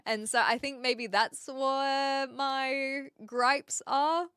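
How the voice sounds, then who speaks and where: A woman with an educated New Zealand accent, chatting casually on a live stream, rambling, pausing to search for words and reading chat aloud. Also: high voice, fairly even intonation, a bit bright, no echo, studio quality.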